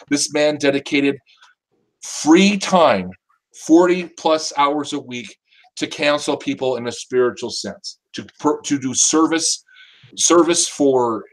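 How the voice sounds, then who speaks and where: A political commentator with a slightly high voice offers opinionated, casual commentary on a low-quality recording. He speaks emphatically, frequently repeating himself and restarting his words.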